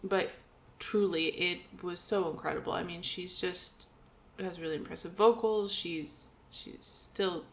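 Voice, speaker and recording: A woman's voice: lowish voice, steady tone, a little slow. A woman co-hosting a podcast, chatting casually, laughing often and saying like a lot. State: talking with mouth full. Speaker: podcast co-host.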